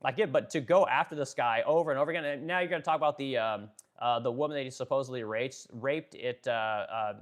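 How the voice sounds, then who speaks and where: Male streamer who talks fast and rants with heavy swearing and fillers, pausing to answer chat. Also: medium pitch. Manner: fast-talking, ranting, profane, filler-heavy; reads and answers viewer chat. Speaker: livestream host. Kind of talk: political rant livestream.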